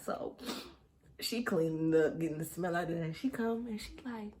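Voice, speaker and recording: A woman's voice: medium pitch, a little fast, a little hiss or hum. Chatty young woman telling a candid story. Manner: animated and candid, often drops into hushed asides and laughs at herself; talks straight to viewers with frequent y'all. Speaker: mother telling her birth story. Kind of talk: casual storytime vlog.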